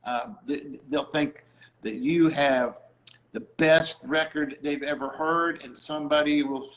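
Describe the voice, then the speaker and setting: A middle-aged man talks casually about faith and his work as a producer. His voice sits a little high, and he slips into the voices of people he quotes as he tells his stories. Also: fairly even intonation, measured pace, a bit bright, dull audio. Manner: storytelling, acts out quoted voices. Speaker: music producer.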